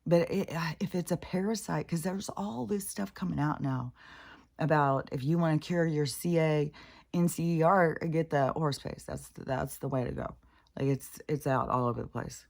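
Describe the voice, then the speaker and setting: A woman's voice: low-pitched, normal speed, vocal fry, a little mellow. A middle-aged woman talking casually in a scattered, rambling way, swearing freely as she vlogs about spirituality. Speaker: spiritual vlogger.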